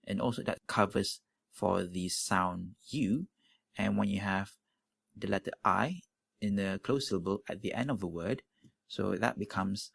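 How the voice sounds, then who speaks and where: A man from Malaysia teaching pronunciation, explaining slowly with frequent fillers as he thinks aloud. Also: deep voice, vocal fry, breathy edge, no room sound. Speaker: language teacher.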